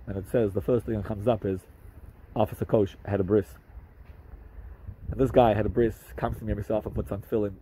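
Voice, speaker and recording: A man, a rabbi, telling a story to camera in an animated way, with hesitant restarts and fillers. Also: a little fast, long pauses, a little hiss or hum, poor audio. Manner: animated, jumps up in pitch for quoted speech.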